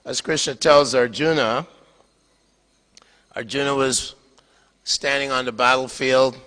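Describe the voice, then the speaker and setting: An older man tells a sacred story to an audience in a tone that is bright and forward. He pauses often, chuckling and clearing his throat. His voice carries a long reverb through a temple hall. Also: medium pitch, steady tone. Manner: halting, with frequent fillers, chuckles and throat clearing. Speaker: lecturer on scripture. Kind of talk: storytelling scripture lecture.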